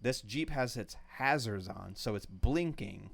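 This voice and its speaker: A man co-hosting a casual podcast chat, telling driving stories in an animated way and swearing freely. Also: fairly low pitch, measured pace, gravelly, breathy edge. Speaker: podcast co-host.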